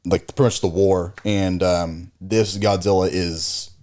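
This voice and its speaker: A man with a low voice chats on a podcast. He gets worked up over movies he loved, swears freely and says dude a lot. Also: fairly even intonation, measured pace, darkish tone. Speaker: podcast co-host. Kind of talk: casual chat.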